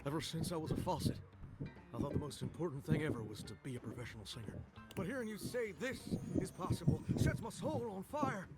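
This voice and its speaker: Brief: male actor as a lovestruck crooner, high and lively. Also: brisk, close to an everyday voice. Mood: smitten. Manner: crooning, old-fashioned slang. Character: dreamy male singer suitor, slangy and smooth. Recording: game voice under loud music.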